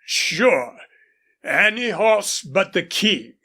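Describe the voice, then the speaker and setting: A woman voicing an older male rancher, an indulgent, horse-proud father, in a husky, drawling audiobook character voice. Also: mid-range voice, lively intonation, drawn-out words, sharp tone, voice pushed up, heavily acted.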